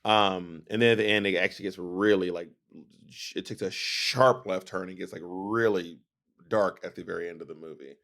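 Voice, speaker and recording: A man's voice: low voice, fairly even intonation, normal speed, a bit bright. Sassy, emphatic man recapping a show. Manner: explains plots at length, emphatic, sassy. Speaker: podcast co-host. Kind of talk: casual recap chat.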